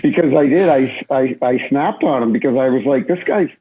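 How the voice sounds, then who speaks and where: A man's voice: medium pitch, moderate pace, dark tone, slightly rough, rough recording. A man, a former referee, joins a podcast as a guest and talks over his career in an easygoing, reflective way. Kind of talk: casual podcast chat.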